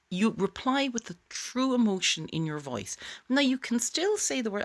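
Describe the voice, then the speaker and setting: A woman's voice: mid-range voice, very animated, moderate pace, few pauses, a bit bright. A woman teaching a voice exercise straight to camera in an encouraging, chatty way. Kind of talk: direct-to-camera tutorial.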